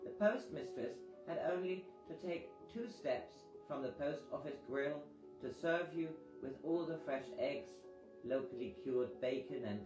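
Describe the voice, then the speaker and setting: A man reading a first-person memoir aloud in a measured storytelling manner. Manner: measured storytelling, animated pitch on dialogue. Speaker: audiobook reader. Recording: echoey reading over guitar music.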